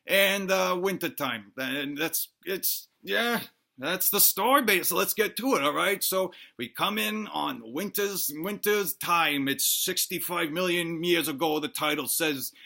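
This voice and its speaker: High, gravelly man rambling crudely. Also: a little slow, pushed and bright. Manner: rambling, crude, mock-earnest. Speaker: comedy host. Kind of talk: rambling comic movie narration.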